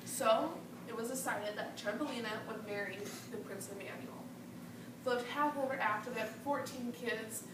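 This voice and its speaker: A woman telling a folktale aloud in a lively, conversational way. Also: fairly high pitch, moderate pace. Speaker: storyteller. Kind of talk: folktale storytelling. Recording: roomy sound from far off, noisy.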